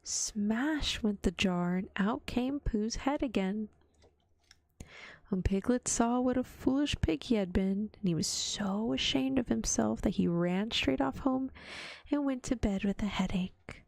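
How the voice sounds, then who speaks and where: A woman reads a children's story in a gentle ASMR whisper, taking her time. Her voice sits a little high and the recording is close and dry. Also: measured pace, creaky, no room sound. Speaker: vtuber storyteller. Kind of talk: soft ASMR storybook reading.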